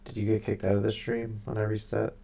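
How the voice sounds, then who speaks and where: A man streaming live, chatting with his viewers and then reading a book aloud, halting now and then and stumbling over hard names. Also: fairly low pitch, completely flat delivery, gravelly, dark tone.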